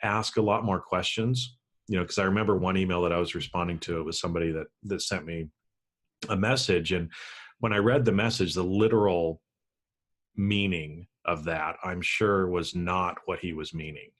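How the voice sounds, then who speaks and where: A man's voice: sits low, steady tone, moderate pace, a bit bright. A man co-hosting a podcast, telling an easygoing story in casual chat with many restarts. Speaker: podcast co-host.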